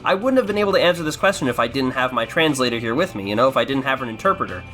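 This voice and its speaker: A man's voice: medium pitch, animated, very fast, bright, forceful tone, faint music behind. A man with an American accent hosting a casual commentary podcast, rambling and sarcastic, swearing a lot and restarting his sentences. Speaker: podcast host.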